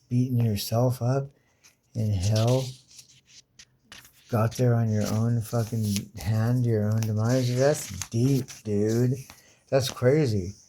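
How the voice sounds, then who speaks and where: A man's voice: mid-range voice, warm tone, slight background noise. A man giving a casual, profane, slangy rundown of an old comic book, riffing in disbelief.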